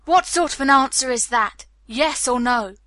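A stern male police captain who fires off hard questions and won't let up, read by a woman. The voice sits a little high and bright, recorded close and dry with no room around it. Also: moderate pace, no echo.

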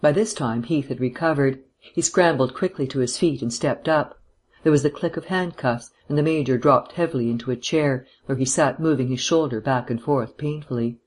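Man, audiobook narration, detective novel, measured, even delivery, mid-pitched.

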